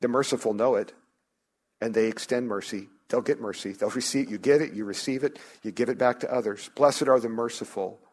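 A man's voice: medium pitch, brisk, darkish tone, husky. A man preaching a sermon as a pastor, earnest, often restarting his sentences and lifting his voice on key phrases.

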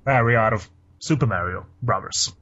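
A man's voice: lowish voice, moderate pace, fairly bright tone, lo-fi sound. A man chatting casually as a podcast co-host about a film, rambling with many fillers and restarts. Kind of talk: casual chat.

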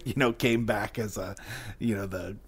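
A man's voice: on the low side, steady tone, moderate pace. A man co-hosting a casual movie podcast, sharing film trivia in a loose, rambling way. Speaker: podcast co-host.

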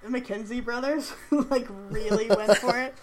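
A woman co-hosting a casual chat, speaking in a relaxed, wry way and laughing as she talks. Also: on the high side, unhurried, over a noisy crowd. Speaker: podcast co-host.

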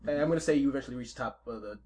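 A man's voice: mid-range voice, racing, darkish tone. Rambling male game master. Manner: rambling, restarts, laughs a lot. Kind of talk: narrating a tabletop game.

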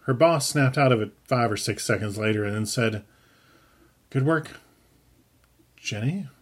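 A man reading his own story aloud in a wry, unhurried storytelling manner. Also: on the low side. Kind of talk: audiobook narration.

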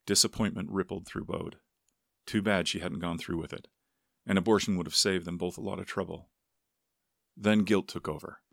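Deep gravelly male narrator. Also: steady tone, moderate pace, long pauses, fairly bright tone, dry recording, studio quality. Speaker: audiobook narrator. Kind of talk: scripted narration with character voices.

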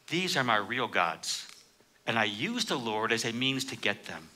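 A man's voice: medium pitch, big pitch swings, measured pace, sharp tone. A man preaching a sermon in a church, reading scripture aloud and building to emphatic points.

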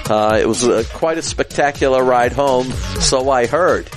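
A man in his sixties co-hosting a casual chat show, reading out shout-outs in a jokey, rambling way and stumbling over place names. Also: mid-range voice, normal speed, music in the background. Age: 60s. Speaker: podcast co-host.

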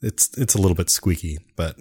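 A man co-hosting a podcast in casual chat, excitable and often giggling. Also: sits low, a little fast, breathy edge. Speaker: podcast co-host.

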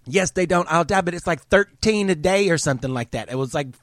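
A man's voice: a little high, expressive, a little fast, no room sound, clean studio sound. A man hosting a show, ranting in a heated, profane, exasperated way. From United States. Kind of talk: angry opinion rant.

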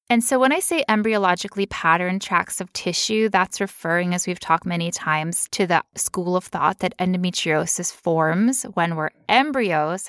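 A woman co-hosting a casual health podcast, explaining medical ideas clearly with playful asides and frequent laughter. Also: fairly low pitch, fairly bright tone, dry recording, clean studio sound. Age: adult past teen years. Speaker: podcast co-host.

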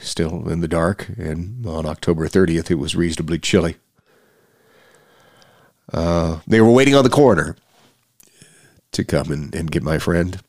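A middle-aged man hosting a personal podcast, talking in an earnest, halting way with frequent restarts. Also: low voice, a little mellow, dry recording, clean studio sound. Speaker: podcast host.

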